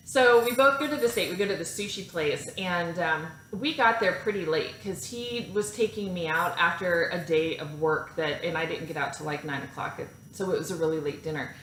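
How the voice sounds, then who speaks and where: Animated woman telling a story in an echoey room. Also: fairly low pitch, normal speed, few pauses, slight background noise. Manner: animated, laughs often, self-mocking. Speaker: vlog host telling a personal story. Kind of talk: casual storytelling to camera. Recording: echoey room with faint ambience.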